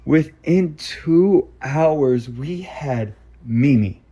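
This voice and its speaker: Gravelly young man, quick casual storytelling. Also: fairly high pitch, dark tone. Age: 20s. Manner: fast, filler-heavy, lots of "like". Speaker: vlogger.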